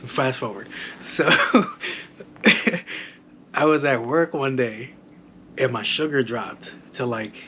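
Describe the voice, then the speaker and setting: A man's voice: mid-range voice, drawn-out words, pauses often, sharp tone, slight background noise. A young man hosting a podcast, telling casual stories with lots of swearing and laughing at his own jokes. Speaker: podcast host. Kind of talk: casual storytelling monologue.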